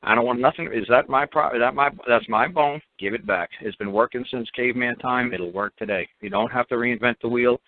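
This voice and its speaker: Fairly quick and with few pauses, a man with a mid-range voice hosts a call-in radio program over dry phone-line audio. He's emphatic and blunt, says things more than once, and drops mocking comments.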